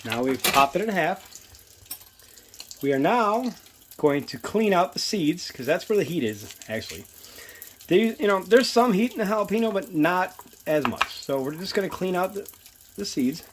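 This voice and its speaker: A man's voice: high voice, sing-song, moderate pace, long pauses, a little hiss or hum. Chatty man hosting a home cooking video. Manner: rambling, chatty, self-mocking. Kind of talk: casual cooking demonstration. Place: home kitchen.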